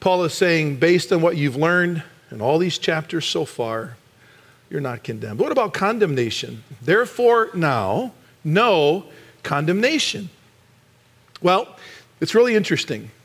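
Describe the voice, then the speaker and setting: A middle-aged man preaching a sermon in church, animated and sometimes rising to a shout for emphasis. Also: a little high, normal speed. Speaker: pastor.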